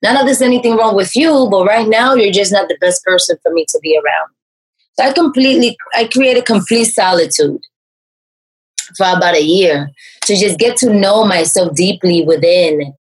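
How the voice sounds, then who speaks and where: Husky-voiced woman telling her story. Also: moderate pace, low-quality recording. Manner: animated storyteller, raises pitch to act out quoted speech; frequent fillers and restarts. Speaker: life coach. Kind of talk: personal story in an interview.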